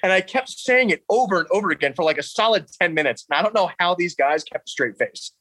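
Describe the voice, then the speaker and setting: Animated storytelling man, bright voice. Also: sits high, fast talker, breathy edge, dry recording, rough recording. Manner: animated, laughs often, quotes others in raised voice. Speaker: podcast guest. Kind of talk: casual storytelling.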